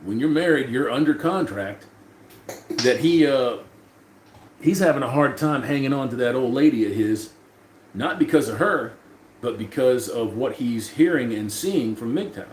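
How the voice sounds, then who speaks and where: A man's voice: mid-range voice, expressive, measured pace. A man hosting a casual livestream, reading chat messages aloud and talking back to them loosely, with plenty of swearing. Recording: roomy echo, faint room noise.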